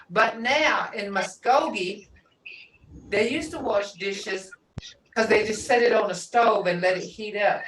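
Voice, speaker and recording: An older woman teaching a language class, unhurried and reminiscing, often laughing as she talks. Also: a little high, a bit bright. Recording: echoey room, distant mic, faint noise.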